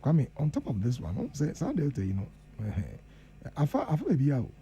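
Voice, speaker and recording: A Ghanaian man on a radio panel, talking with an earnest, emphatic push. His voice is gravelly and very dark, with faint noise behind it. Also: fairly high pitch, huge pitch swings, fast talker, dull audio. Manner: earnest, mixes Twi and English, emphatic warnings. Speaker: guest professor. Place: radio studio.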